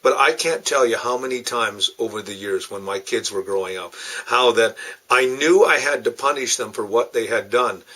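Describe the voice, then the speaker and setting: Husky-voiced folksy dad storyteller. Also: male voice, medium pitch, a bit bright, low-quality recording. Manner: folksy storytelling with moral asides. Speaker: radio host. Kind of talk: short parenting talk.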